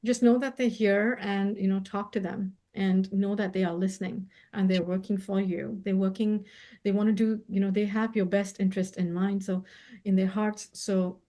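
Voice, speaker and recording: A woman, a spiritual healer and co-host, talking in a gentle, effusive way and laughing often in a casual heartfelt conversation over a video call. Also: medium pitch, steady tone, normal speed.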